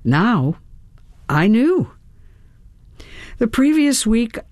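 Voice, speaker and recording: A woman narrating her memoir in an expressive reading style, her voice rising sharply at vivid moments. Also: no room sound, studio quality. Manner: expressive, with sudden lifts in pitch.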